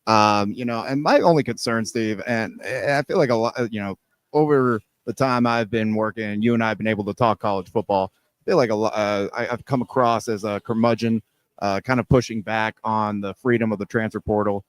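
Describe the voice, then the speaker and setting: A man's voice: on the low side, steady tone, brisk. A man co-hosting a sports talk radio show, rambling through his points with many restarts. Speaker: radio co-host. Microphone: studio mic.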